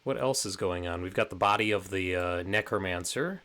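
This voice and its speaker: A man narrating as game master of a tabletop game, relaxed and rambling with many fillers. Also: low voice, moderate pace.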